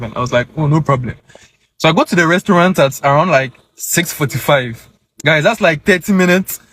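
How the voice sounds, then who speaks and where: A young man casually telling his viewers a story, animated and peppered with "guys" and "bro.". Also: mid-range voice. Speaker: vlogger.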